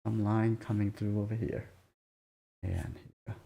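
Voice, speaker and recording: Soft-spoken gravelly drawing teacher. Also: male voice, lowish voice, level tone. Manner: soft-spoken, halting, murmurs while drawing. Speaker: drawing instructor. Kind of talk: live drawing demonstration.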